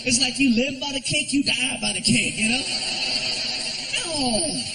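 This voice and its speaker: A man doing an animated stand-up comedy routine on a theater stage, telling stories with lots of voices. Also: very high voice, a little slow, heavy background noise. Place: large theater.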